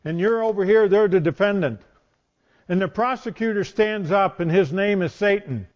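A man's voice: high voice, moderate pace. A male preacher giving a sermon in a conversational storytelling manner. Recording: dull lo-fi sound.

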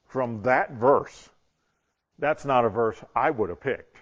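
Male preacher, animated storyteller, mid pitch, dull lo-fi audio. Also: slow pace. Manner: animated, acts out the voices in his stories. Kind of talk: sermon storytelling.

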